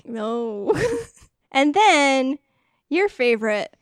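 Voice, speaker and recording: A woman's voice: high voice, drawn-out words, no echo. A woman co-hosting a casual movie podcast, retelling scenes and acting out characters' lines with frequent laughter. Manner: animated, acts out characters' lines, laughs often. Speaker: podcast co-host. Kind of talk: casual movie recap chat.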